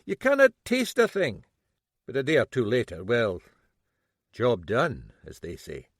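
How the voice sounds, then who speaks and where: A man voicing a shrewd, middle-aged Scottish detective who needles a suspect slowly. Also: medium pitch, wildly swooping pitch, no room sound, clean studio sound, exaggerated voice. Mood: sly. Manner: slow, needling, toying.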